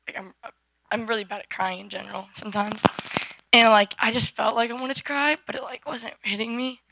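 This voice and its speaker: A teenage girl with a hoarse, worn-out voice, giving a rambling personal testimony at a church service on a handheld mic, full of fillers and restarts. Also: a little high, steady tone, fairly quick, sharp tone. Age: teens. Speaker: youth group member giving testimony. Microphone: handheld microphone.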